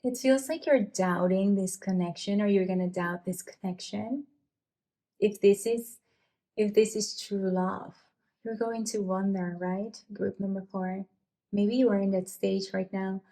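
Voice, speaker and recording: A woman giving an emotional pick-a-card tarot reading, sighing and halting with many restarts as she speaks to her viewers. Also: medium pitch, steady tone, warm tone. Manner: speaks directly to viewers, calling them you guys. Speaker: tarot reader.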